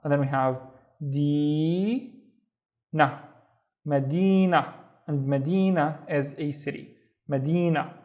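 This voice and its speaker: A male teacher with a somewhat high voice walks beginners through a reading lesson. He speaks slowly and patiently, sounding out each syllable and repeating every word several times. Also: darkish tone. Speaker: language teacher.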